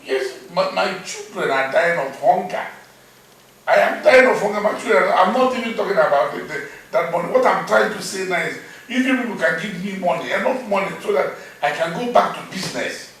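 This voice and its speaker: A man with a Nigerian accent playing a broke father who begs for help, halting and repeating his words. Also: high-pitched, animated, a bit bright, recorded from a distance. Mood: pleading. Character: desperate broke middle-aged father, pleading. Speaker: struggling father begging for help. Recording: echoey room, voice from afar, faint noise.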